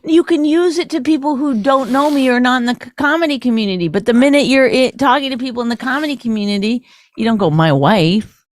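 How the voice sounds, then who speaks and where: A woman's voice: high voice, fast talker, no echo. A middle-aged woman from Canada, co-hosting a podcast in an exasperated, teasing, bickering chat. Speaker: podcast co-host.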